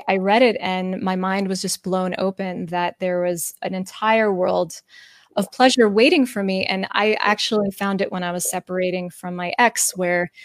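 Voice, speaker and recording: A woman's voice: medium pitch, no room sound, studio quality. Candid woman host who laughs often. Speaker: podcast host. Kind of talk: casual interview talk.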